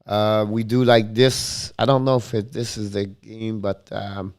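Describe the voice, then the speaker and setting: A man hosting a casual hockey live stream, thanking viewers by name with many halting fillers. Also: on the low side, little pitch movement, clean tone.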